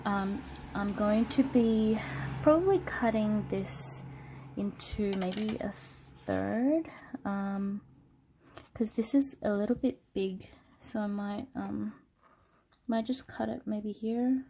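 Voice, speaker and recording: An art channel host with a cold records a casual, unscripted product review on a smartphone, loosely talking through her work. Her mid-range voice is nasal but warm and mellow, relaxed and thinking aloud with frequent ums and pauses. There's a little hiss or hum in the recording.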